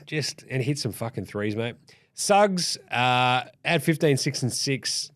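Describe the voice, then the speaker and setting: A man's voice: mid-range voice, normal speed. A man hosting a casual, sweary sports recap. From Australia. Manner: sweary, blunt, animated. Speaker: host.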